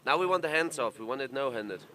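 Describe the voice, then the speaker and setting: A man's voice: mid-range voice, lively intonation, fast talker, sharp tone. A man chatting as a laid-back co-commentator outdoors on a boat, giving short replies. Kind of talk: casual chat.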